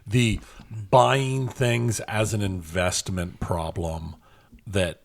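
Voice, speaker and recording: A man co-hosting a podcast in casual chat, relaxed and hesitant as he goes through news items. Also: on the low side, very slow, creaky, dry recording, clean studio sound. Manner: relaxed, hesitant, many fillers while reading news. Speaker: podcast co-host.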